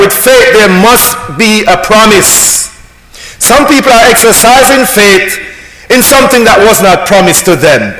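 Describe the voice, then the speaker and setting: A man preaching a sermon, reading verses slowly and pressing the congregation with emphatic questions. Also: high-pitched, bright, forceful tone. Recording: echoey hall with faint noise.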